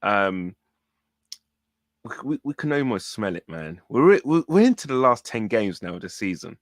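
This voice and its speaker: Animated man, low voice, dry sound. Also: moderate pace, no room sound. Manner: animated, repeats words, "listen, man". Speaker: football fan show co-host. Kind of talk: casual match reaction chat.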